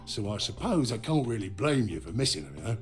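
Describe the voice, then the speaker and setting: A man's voice: lowish voice, very animated, quick pace, soft background music. A man voicing a chatty male robot golem with a Cockney accent, in a folksy, slangy, rambling manner. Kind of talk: video game voice acting.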